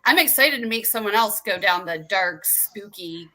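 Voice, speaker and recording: A woman's voice: mid-range voice, expressive, moderate pace, a crowd in the background. A woman guest on a casual show, talking upbeat about her ghost-hunting team. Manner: upbeat and laughing easily. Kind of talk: casual chat.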